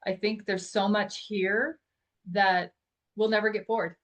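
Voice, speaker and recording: Animated woman telling a story. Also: medium pitch, measured pace. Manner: animated storyteller who laughs often. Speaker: guest. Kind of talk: casual storytelling interview.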